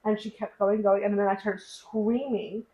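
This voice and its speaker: A woman's voice: medium pitch, flat delivery, moderate pace, dark tone, muffled recording. A young woman co-hosting a podcast, talking candidly and a bit rambly about her own life, with lots of fillers. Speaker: podcast co-host. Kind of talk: casual conversation. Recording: echoey room.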